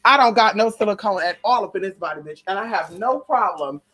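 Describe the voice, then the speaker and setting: Her medium-pitched voice is fairly bright with a breathy edge, and she talks briskly. As a livestream host, she swaps casual gossip about famous people's spirits, cursing freely in a slangy, sassy way.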